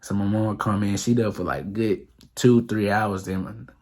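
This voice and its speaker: A man's voice: fairly low pitch, steady tone, measured pace, darkish tone. A young man telling a rambling, profane storytime on his vlog, full of fillers. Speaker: vlogger. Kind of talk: casual storytime monologue.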